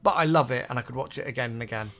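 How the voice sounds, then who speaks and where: A man's voice: mid-range voice, racing, pushed and bright, faint music behind. A man co-hosting a casual online chat show, talking through old sitcoms and reading viewers' comments aloud with lots of fillers. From England. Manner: chatty, reads comments aloud with frequent fillers. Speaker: co-host.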